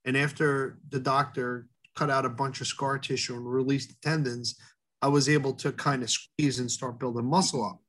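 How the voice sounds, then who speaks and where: A middle-aged man, a head baker, talking earnestly in an interview, halting often with fillers and restarts. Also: medium pitch, little pitch movement, a bit bright. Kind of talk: casual interview talk.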